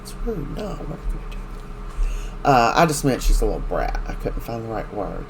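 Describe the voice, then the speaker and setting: A man's voice: mid-range voice, sing-song, a little fast, vocal fry, a little hiss or hum. A man recapping a soap opera in casual chat, rambling and opinionated as he retells scenes.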